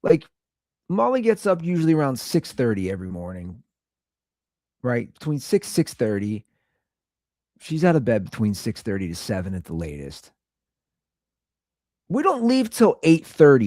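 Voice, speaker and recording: A man in his thirties tells a rambling, exasperated story as a show host. His pitch swoops up and down as he talks. The sound is dry and close. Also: wildly swooping pitch, moderate pace, pauses often, a little mellow, dry recording. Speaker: podcast host; father of two young girls. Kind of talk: casual storytelling monologue.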